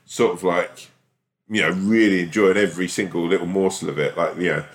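A man's voice: low-pitched, fairly even intonation, fairly quick. A young man co-hosting a podcast in casual chat, teasing and laughing often. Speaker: podcast co-host.

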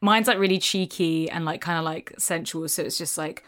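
A woman's voice: lowish voice, fairly even intonation, moderate pace, fairly bright tone. A woman guest on a podcast, chatting casually, laughing often and swearing freely. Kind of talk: casual chat.

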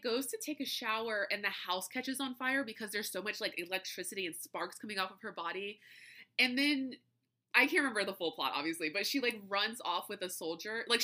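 Bright-voiced chatty woman podcaster. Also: mid-range voice. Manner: chatty, laughing often, full of fillers like "like" and "you know". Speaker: podcast host. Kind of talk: casual chat.

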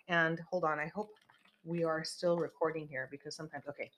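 A woman's voice: low-pitched, steady tone, fairly quick, a bit bright. Rambling, emphatic woman podcast host. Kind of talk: casual podcast chat.

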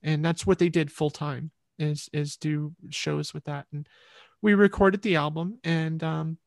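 A woman's voice: low-pitched, fairly even intonation, unhurried, vocal fry, dry recording, clean studio sound. A woman musician, a guest in an interview, telling her story in a rambling, reflective way.

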